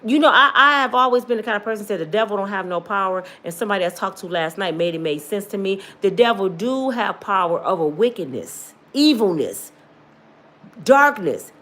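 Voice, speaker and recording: A woman's voice: medium pitch, expressive, fairly quick, bright, forceful tone. A middle-aged woman giving an impassioned, preaching-style testimony with repeated calls to her listeners. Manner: fervent, repetitive, call-and-response preaching. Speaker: motivational testimony speaker.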